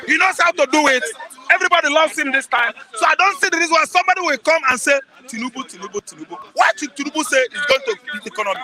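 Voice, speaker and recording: A man's voice: very high-pitched, pushed and bright, poor audio. A man with a Nigerian accent giving heated political commentary as a guest, emphatic and repetitive, pressing the listener with rhetorical questions.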